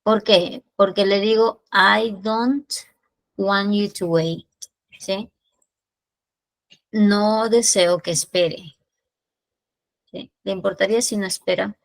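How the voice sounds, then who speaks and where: A woman with a Peruvian Spanish accent teaches English at an unhurried pace, switching between Spanish and English. She stretches out each example sentence slowly and clearly. The recording is dry and close, with no room echo. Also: medium pitch, steady tone. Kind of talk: online English lesson.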